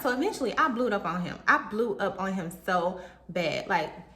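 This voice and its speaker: A young woman telling a personal story to her viewers in a casual, animated way, talking straight to them. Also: mid-range voice, moderate pace. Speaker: vlogger. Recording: roomy echo.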